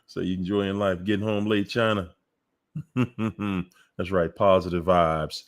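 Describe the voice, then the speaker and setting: A man's voice: sits low, steady tone, slow pace. A man hosting a casual livestream call-in show, greeting viewers by name and laughing often. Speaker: livestream host. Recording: faint music behind.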